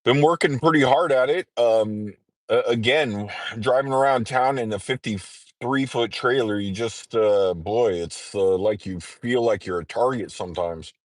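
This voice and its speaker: A man's voice: mid-range voice, unhurried, no echo. Congested man hosting a casual morning livestream, rambling and filler-heavy, dry close sound. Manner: rambling, frequent throat-clearing and filler words. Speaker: livestreamer in trucker training.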